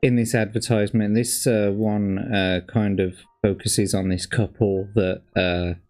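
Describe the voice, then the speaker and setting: A man's voice: lowish voice, flat delivery, unhurried, a little mellow. A man from Birmingham with a light Birmingham accent, rambling, sweary, casual commentary with plenty of fillers as he reviews old adverts. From Birmingham, England.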